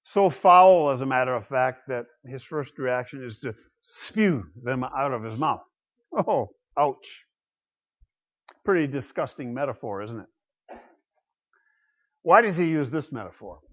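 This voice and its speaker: A man preaching a sermon, swinging between loud declarations and quiet asides. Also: mid-range voice, animated, measured pace, long pauses. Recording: dull lo-fi sound.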